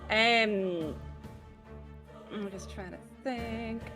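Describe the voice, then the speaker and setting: A woman's voice: medium pitch, extremely slow, fairly bright tone, faint music behind. A woman playing a tabletop game, thinking aloud and playfully describing what her character does. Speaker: player.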